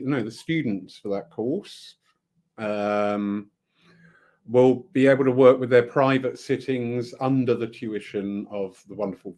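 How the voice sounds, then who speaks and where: A man giving a rambling, enthusiastic live update to viewers about upcoming events at his centre. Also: mid-range voice. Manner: warm, rambling, enthusiastic with frequent laughs. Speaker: spiritualist centre organiser.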